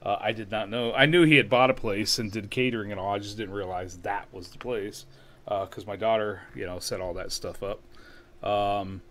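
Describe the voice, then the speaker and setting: A middle-aged man co-hosting a live show, chatting casually and telling stories in a relaxed, meandering way. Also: lowish voice, normal speed. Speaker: co-host of a live online show. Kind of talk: casual chat.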